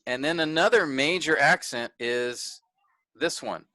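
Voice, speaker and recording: Unhurried and fairly high-pitched, this man's voice sounds pushed and bright as he leads a workshop. He works through the marks on a shared screen one step at a time, catching and fixing his own mistakes.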